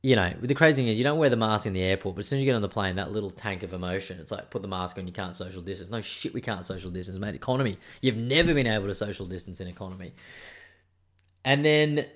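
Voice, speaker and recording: A man's voice: on the low side, quick pace. A man with an Australian accent telling a rambling, profane, self-mocking story in a casual monologue.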